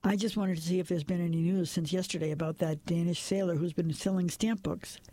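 A man voicing a calm detective who asks quiet, measured questions. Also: sits high, no echo, close to an everyday voice. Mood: calm, probing. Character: calm, probing male detective.

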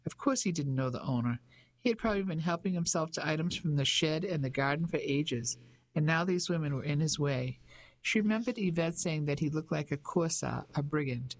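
An audiobook narrator reading a novel chapter in a steady, measured way. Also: medium pitch, poor audio. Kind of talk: scripted narration.

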